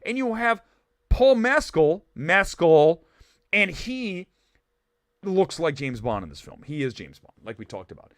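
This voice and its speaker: A man from Ohio hosting a live film talk stream, ranting quickly with animated, mock-shouted asides. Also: fairly high pitch, dry recording, clean studio sound. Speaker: livestream film show host. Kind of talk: animated livestream rant.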